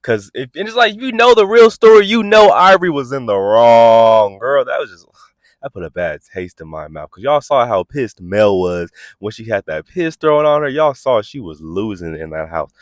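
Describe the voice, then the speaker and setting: Animated sassy man recapping reality TV. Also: medium pitch, dry recording. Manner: animated, sassy, quick asides; acts out quotes in exaggerated voices. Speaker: host.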